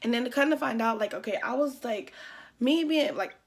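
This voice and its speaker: A woman's voice: a little high, expressive, a little fast, slightly rough. A young adult woman telling a casual story time to her viewers, chatty and profane, with lots of fillers. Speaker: YouTuber.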